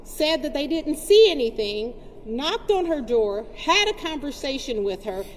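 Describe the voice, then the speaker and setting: Woman advocate, high register, impassioned press-conference address, reverberant capture. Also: big pitch swings, measured pace. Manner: forceful, indignant, repeating points for emphasis. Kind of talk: impassioned public speech. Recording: long reverb, faint background noise.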